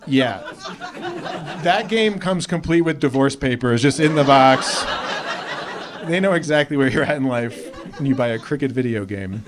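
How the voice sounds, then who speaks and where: A young man from Australia, speaking with an American accent, does an animated stand-up set at normal speed, leaping up in pitch for quotes. The live club recording on a handheld stage mic is noisy, with crowd laughter behind him.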